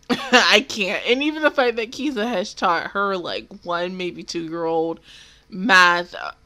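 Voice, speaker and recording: A young woman giving casual, excitable reaction commentary, swearing freely and laughing often. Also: fairly low pitch, slow pace. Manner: excitable, profane, laughs often, loud exclamations. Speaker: anime reaction video host.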